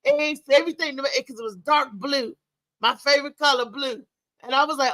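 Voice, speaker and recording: A middle-aged woman hosting a talk show, telling a personal story in a candid, emphatic, animated way. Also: sits high, fairly quick, no room sound, low-quality recording.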